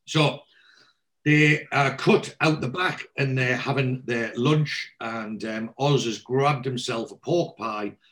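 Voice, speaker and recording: A man's voice: mid-range voice, slow pace, a bit bright. A man casually retelling a TV episode, acting out the characters' lines and swearing freely.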